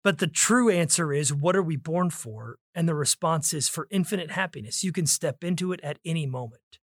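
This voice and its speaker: Male podcast co-host, a bit higher pitch, dry recording, conversational with read-aloud emphasis. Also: fairly quick, no echo. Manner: reads quoted passages with stressed words, lively. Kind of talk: casual book discussion with read-aloud passages.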